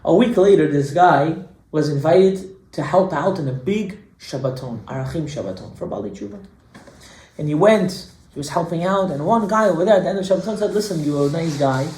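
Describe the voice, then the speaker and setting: A male rabbi giving a sermon, telling a story and swinging between hushed lines and emphatic ones. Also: fairly high pitch, brisk. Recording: echoey room.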